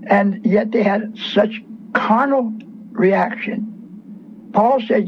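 A man preaching over the radio in a fervent, scolding way, hammering points home by saying them twice. His voice sits high for a man. The broadcast sounds muffled, with a faint hiss underneath. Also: takes it slowly. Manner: fervent, scolding, repeats phrases for emphasis. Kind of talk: radio sermon.

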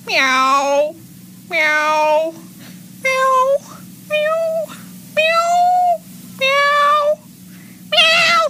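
A woman voicing a woman who has been turned into a house cat, meowing loudly and playfully. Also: expressive, very slow, pauses often, very noisy, exaggerated voice. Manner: loud high playful meowing.

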